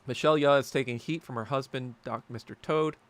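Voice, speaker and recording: A man's voice: medium pitch, steady tone, brisk. A man hosting a casual podcast chat, rambling and sarcastic, swearing often as he reads and answers viewer comments. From New York. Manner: rambling, profane, sarcastic ranting. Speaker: podcast host.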